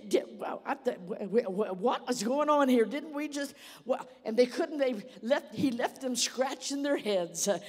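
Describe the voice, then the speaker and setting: A woman's voice: a little high, long reverb tail. A woman guest speaker preaching a sermon. She tells a story vividly and uses many "uh" fillers.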